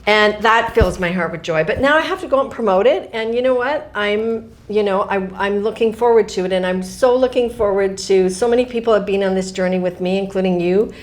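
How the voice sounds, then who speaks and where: Middle-aged woman, author interview, chatty, quick restarts, laughs easily. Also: medium pitch. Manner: animated, laughs often, talks in asides and restarts. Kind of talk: casual interview conversation.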